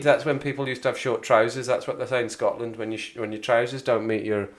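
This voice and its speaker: A man's voice: medium pitch, flat delivery, fast. A man with a West Midlands accent, hosting a casual livestream chat, rambling and chatty with frequent laughs. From Wolverhampton area, England. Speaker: livestream host.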